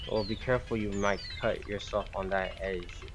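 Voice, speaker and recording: A man's voice: fairly low pitch, fairly even intonation, moderate pace, background noise, lightly acted. A man reading the lines of a blunt young male student character in a plain voice. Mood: cutting. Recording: music playing loudly behind.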